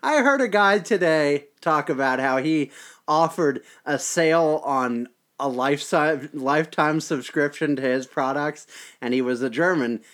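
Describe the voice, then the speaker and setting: A man's voice: fairly high pitch, measured pace, fairly bright tone. A man co-hosting a podcast, telling a story in a wry, self-deprecating way. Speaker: podcast co-host. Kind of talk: casual podcast chat.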